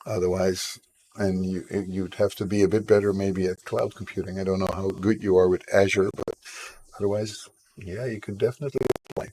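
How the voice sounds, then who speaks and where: A man with a sore, husky throat, chatting casually with viewers on a live stream while he draws, self-deprecating about his work. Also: deep voice, level tone, a little fast, warm tone, a little hiss or hum, low-quality recording.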